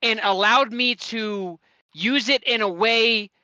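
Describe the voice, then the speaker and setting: A man's voice: high-pitched, slow, sharp tone, no echo. A man co-hosting a podcast in casual chat, blunt and sarcastic with frequent swearing. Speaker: podcast co-host. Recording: dull lo-fi dry recording.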